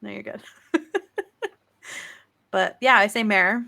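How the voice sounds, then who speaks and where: A woman's voice: medium pitch, slow pace, creaky, pushed and bright. A woman co-hosting a podcast, talking casually and hesitantly with plenty of fillers. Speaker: podcast co-host. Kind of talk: casual chat.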